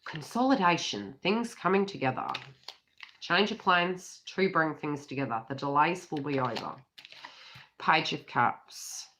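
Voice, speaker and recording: A middle-aged Australian woman, a psychic tarot reader, gives a casual reading, chatting, giggling, and swearing freely as birds call in the background. Her low-pitched voice is expressive, measured in pace, and a bit bright, with a little hiss or hum on the recording.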